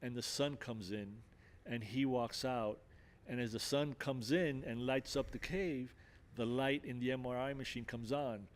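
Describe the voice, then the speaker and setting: An older man speaks as a podcast guest, telling his story with earnest sincerity. His pitch sits in an ordinary middle range, and he often restarts phrases and leans on "you know." The delivery feels unscripted and conversational. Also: steady tone, a little slow, hardly any pauses. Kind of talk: personal testimony in conversation.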